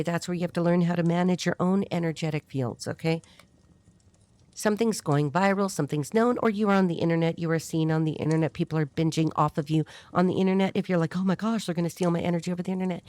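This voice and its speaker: A woman's voice: lowish voice, a little mellow, dry recording. A woman giving a rambling, blunt, casual tarot reading to her viewers. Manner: rambling, chatty, blunt and irreverent. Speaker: tarot reader.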